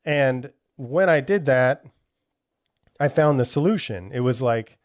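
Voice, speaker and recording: A man's voice: medium pitch, measured pace. A man hosting a podcast in a casual solo talk, candid and reflective, swearing freely and thinking aloud with frequent restarts. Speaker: podcast host.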